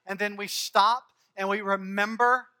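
A man's voice: sits high, steady tone, measured pace, sharp tone, smooth. A man preaching a sermon as pastor, earnest and emphatic, building his points through rhythmic repeated phrases.

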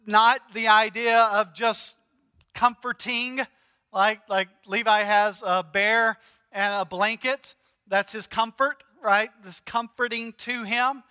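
A male pastor preaches in a chatty, animated way, slowing for emphasis. His voice sits high and bright for a man. A long reverb trails his words through a church hall. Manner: conversational, animated, joking storyteller. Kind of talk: sermon.

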